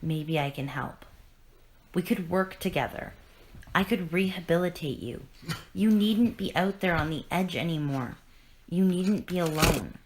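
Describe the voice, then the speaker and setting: A woman's voice: lowish voice, measured pace, slight background noise, natural voice, low-quality recording. A woman reading as a weary masked vigilante. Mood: pleading. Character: weary masked male vigilante pleading with his foe.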